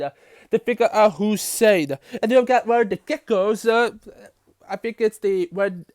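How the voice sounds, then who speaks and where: Man, high voice, smooth clear tone, halting recap full of fillers, episode review. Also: no echo, clean studio sound. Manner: halting, many fillers and restarts.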